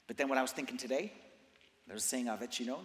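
A man preaching a sermon in a church, swinging from hushed passages to loud emphatic bursts and hammering points home with repeated phrases. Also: mid-range voice. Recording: echoey church hall with long reverb.

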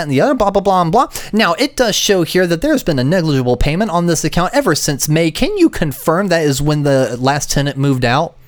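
A woman's voice: low voice, dry recording. A man voicing a professional female utility company representative, with polite, formal customer-service phrasing. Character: brisk professional female power company rep.

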